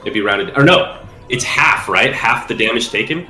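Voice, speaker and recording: A man running a tabletop game over a call, getting over a cold, relaxed and working out the rules aloud. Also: mid-range voice, normal speed, echoey room, rough recording. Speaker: game master.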